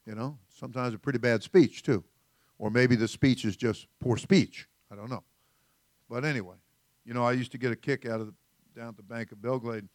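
A man's voice: mid-range voice, fairly even intonation, brisk, no room sound. An older man preaching as senior pastor, a folksy, rambling sermon full of storytelling asides. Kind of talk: conversational sermon.

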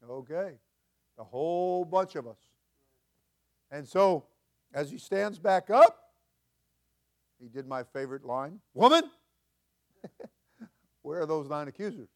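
An older man preaching as senior pastor, folksy and chuckling, building to loud emphatic peaks. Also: on the high side, expressive, measured pace, pauses often. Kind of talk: sermon.

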